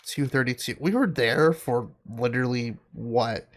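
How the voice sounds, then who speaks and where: A man's voice: medium pitch, a little slow. A man casually commenting on a game he plays for the first time, joking and reacting aloud, with game music behind. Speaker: game streamer.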